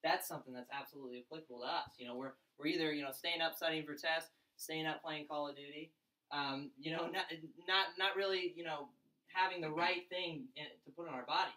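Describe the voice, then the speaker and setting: A young man talks fast and excitedly to a room of college students, with a bright, forceful tone. He keeps acting out what friends and family said. The mic sits a little way off from him. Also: fairly high pitch, echoey room, far from the mic, poor audio. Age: young adult. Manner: fast, excited storytelling with mimicked voices. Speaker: event speaker. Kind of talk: energetic pitch talk to a crowd.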